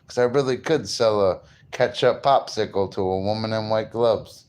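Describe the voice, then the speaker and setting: A man talking straight to his viewers in a loose, rambling monologue. He brags, swears freely and keeps laughing at his own jokes. His voice sits at an everyday middle pitch. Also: smooth. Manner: boastful, crude and rambling, breaking into laughs. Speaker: vlogger.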